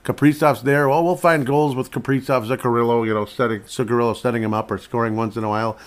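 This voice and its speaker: A man's voice: mid-range voice, steady tone, fast talker. A man hosting a podcast, giving casual, rambling sports commentary with wry asides and laughs at himself. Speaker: podcast host.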